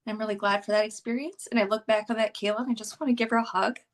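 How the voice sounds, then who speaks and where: A woman's voice: on the high side, fairly even intonation, rapid-fire. A woman who works as an ICU nurse, speaking as a podcast guest in a heartfelt, emotional way with many restarts. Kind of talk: conversational podcast interview.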